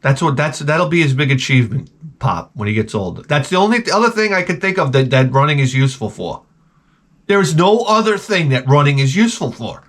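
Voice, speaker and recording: A man's voice: a little high, fairly quick. Profane, rambling middle-aged man. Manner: profane, animated, storytelling with restarts. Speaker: host. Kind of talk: casual comic rant.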